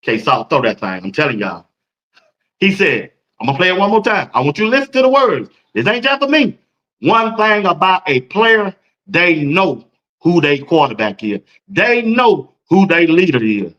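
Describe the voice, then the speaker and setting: A man's voice: on the high side, big pitch swings, moderate pace, a bit bright, lo-fi sound. A man hosting a sports talk show, talking in a casual, hyped-up way and laughing between points.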